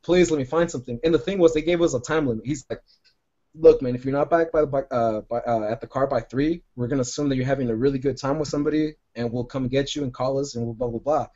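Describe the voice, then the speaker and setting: On a podcast, a male co-host spins a long, wandering story, cursing freely and sprinkling in "like" and "right?" constantly. His mid-range voice is quick, dark in tone and fairly flat in intonation, and the recording has a dull, lo-fi quality.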